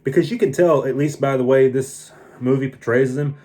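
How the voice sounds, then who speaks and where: Tired guy reviewing a movie, earnest and opinionated, mid-pitch voice, keeps restarting sentences. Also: normal speed, mellow. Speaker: film reviewer. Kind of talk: casual movie review vlog.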